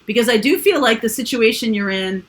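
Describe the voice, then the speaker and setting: A woman's voice: fairly high pitch, brisk. A woman giving a casual, rambling tarot reading full of fillers and asides. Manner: chatty, rambling, with frequent fillers. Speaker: tarot reader.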